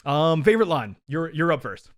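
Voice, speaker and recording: An excitable man co-hosting a podcast, chatting casually and with real enthusiasm. His voice sits a little high and moves in lively swings. The sound is dry, with no room echo. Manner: excitable, enthusiastic, quick to laugh. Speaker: podcast co-host. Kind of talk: casual chat.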